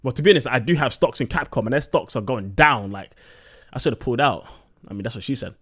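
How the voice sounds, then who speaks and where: A man's voice: mid-range voice, fast, fairly bright tone, breathy edge. A young man streaming live, talking a little drunk with slightly slurred words and ranting bluntly with plenty of swearing.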